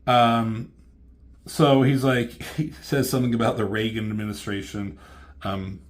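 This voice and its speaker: Lowish guy voice, rambly casual comic recap, swears a lot, tons of ums. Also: level tone, unhurried. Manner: rambling, profane, many ums and restarts. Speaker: comic book reviewer.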